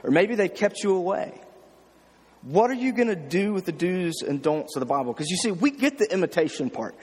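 A man's voice: high-pitched, big pitch swings, fairly quick, a little mellow, breathy edge, long reverb tail. A man preaching an informal sermon, often checking in with the listeners. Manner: talks informally, checks in with "okay?" and "right?". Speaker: pastor. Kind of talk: conversational sermon.

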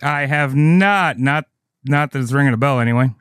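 A male podcast co-host chats casually, laughing often and swearing freely. His mid-range voice is smooth and a bit bright at a moderate pace, recorded with studio quality and no room sound.

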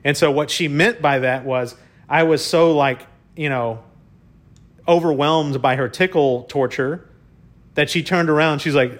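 This man's voice sits on the high side and moves a little slowly as he tells a personal story casually. Excitable, he stumbles and repeats words frequently, sprinkling in "y'all" and mild profanity.

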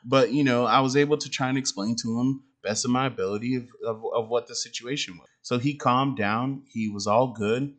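A young father tells a parenting story in a loose, rambling way, full of slang, fillers and restarts. His voice sits at an ordinary middle pitch for a man. He talks easily and plainly, the way he would to friends. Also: fairly quick, hardly any pauses, fairly bright tone. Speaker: father podcaster. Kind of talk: casual storytelling monologue.

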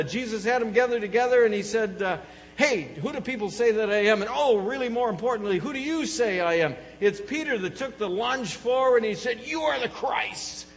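A man preaching a sermon, telling stories with animation and swinging from loud exclamations to hushed lows. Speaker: pastor. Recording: dull reverberant hall with mains hum.

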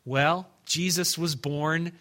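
A male pastor preaches with a bright, forward tone sitting slightly high for a man. He tells stories earnestly, often restarting phrases, and drops quiet on his key lines. He speaks to his congregation in a church. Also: steady tone, slow. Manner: earnest storytelling with frequent restarts, dropping soft on key lines. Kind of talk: sermon.

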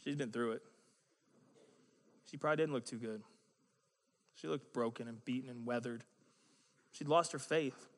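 A man preaching a sermon in a conversational, animated way, with joking asides. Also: mid-range voice, normal speed, long pauses, in a large hall.

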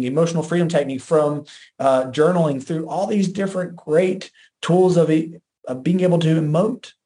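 A man's voice: on the high side, dark tone. A man hosting a podcast, giving faith-based relationship teaching in an earnest way, with repeated phrases and frequent restarts. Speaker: podcast host.

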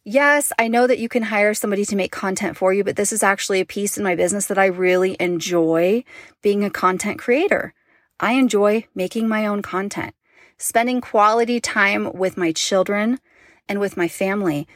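A woman's voice: mid-range voice, moderate pace, dry recording, studio quality. A woman in her thirties from Utah, talking straight to her viewers in a chatty, emotional personal vlog. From Utah, United States. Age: 30s. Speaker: mom vlogger and online business owner.

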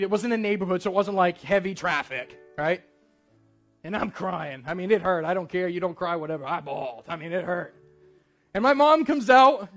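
A man's voice: sits high, fairly bright tone. A man preaching a sermon to his church, telling a personal story in a conversational, earnest way. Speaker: pastor.

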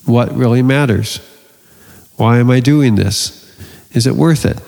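A man's voice: medium pitch, measured pace, creaky, a little mellow, in a large hall. A man preaching a sermon, telling the story with playful jokes. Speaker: pastor.

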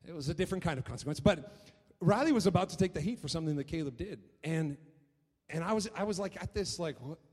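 A man preaching a sermon as pastor, telling stories in an animated way and often repeating his words. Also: fairly high pitch, fast talker, slightly rough. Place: church hall. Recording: long reverb of a church hall.

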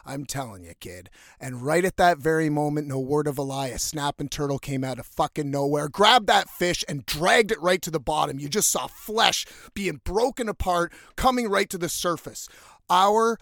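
A man telling a story casually, animated and swearing freely. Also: fairly high pitch, normal speed, no room sound, studio quality. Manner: animated, profane, conversational.

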